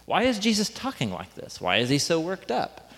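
A man's voice: on the high side, wildly swooping pitch, normal speed, a bit bright. A man preaching a sermon in a conversational, joking way, often restarting his sentences. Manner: conversational, self-interrupting, joking with the room. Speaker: pastor. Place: church hall. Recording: reverberant hall.

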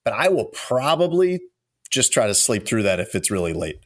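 A man's voice: mid-range voice, very animated, moderate pace. Male co-host, casual conversational tone, loose and hedging. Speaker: podcast co-host. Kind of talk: casual chat.

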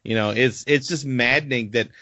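A man co-hosting a casual podcast chat, ranting in an animated, profane way and laughing often. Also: medium pitch, normal speed, no echo. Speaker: podcast co-host. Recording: dull lo-fi dry recording.

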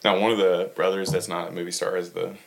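A man co-hosting a podcast, telling animated stories in casual chat and laughing easily. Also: low voice, creaky. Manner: animated storyteller, quick to laugh. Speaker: podcast co-host.

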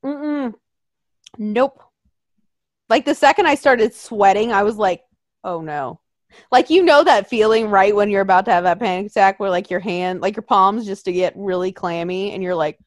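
A woman's voice: medium pitch, moderate pace, no room sound, studio quality. A young woman telling a story in casual chat, swearing often and acting out quotes in voices.

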